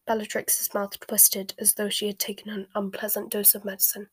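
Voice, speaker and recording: Woman, whispered storybook reading, hushed, steady, breathy, dry close sound. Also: mid-range voice, normal speed, few pauses, dry recording. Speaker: narrator.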